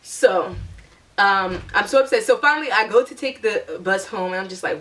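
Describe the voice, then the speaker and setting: A young woman tells a story to her vlog audience in a chatty, animated way and acts out what she said back then. Her pitch is middling for a woman, and her voice sounds a little distant from the mic. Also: normal speed. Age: young adult. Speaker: vlogger.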